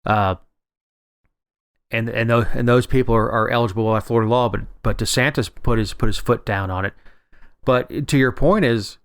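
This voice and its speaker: A man's voice: mid-range voice, fairly even intonation, normal speed, a bit bright, smooth, no room sound, studio quality. A man co-hosting a casual political podcast, rambling and wry, often restarting his sentences. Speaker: podcast co-host.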